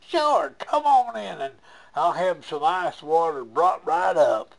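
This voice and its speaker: A man's voice: a little high, expressive, slow, creaky, exaggerated voice, rough recording. A man doing a polite gatekeeper at a desk. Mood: welcoming.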